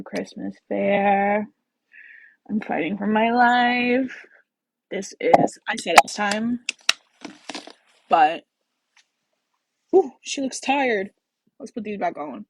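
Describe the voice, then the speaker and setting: A woman's voice: fairly high pitch, no room sound. A woman in her twenties reading a romance novel aloud on a phone live stream, then chatting in a gushing, slangy way. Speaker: book reader and live streamer.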